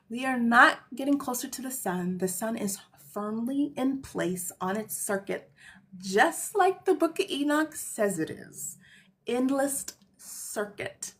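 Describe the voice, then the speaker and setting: A woman hosting a casual livestream monologue, rambling and emphatic, tagging lines with "okay?" and swinging between loud bursts and hushed asides. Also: medium pitch. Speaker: host.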